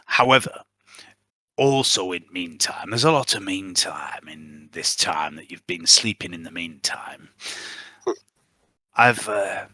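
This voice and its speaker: A man playing a calculating prisoner who plots an escape with his brother, speaking in a Yorkshire accent with a hushed, breathy delivery. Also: sits low, slow pace, pauses often, no echo, exaggerated voice. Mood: scheming. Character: scheming male prisoner, calculating older brother. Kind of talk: tabletop role-play in character.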